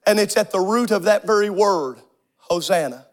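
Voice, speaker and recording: Very high-voiced shouting preacher man. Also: moderate pace. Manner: shouting, sing-song preaching cadence with sudden drops to near whispers. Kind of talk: impassioned sermon.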